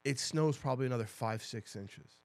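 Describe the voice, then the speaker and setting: A man co-hosting a podcast, chatting casually, telling an animated story with lots of swearing and impressions of others. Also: mid-range voice, a little fast, gravelly, no echo. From New Jersey. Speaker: podcast co-host. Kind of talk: casual chat. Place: podcast studio.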